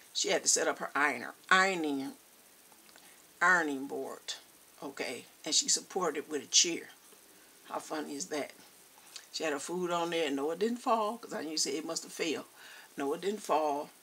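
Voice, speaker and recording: Animated woman telling a story. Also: deep voice, vocal fry, slightly rough. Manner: animated, addresses viewers as y'all. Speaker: vlogger. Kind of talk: casual storytelling.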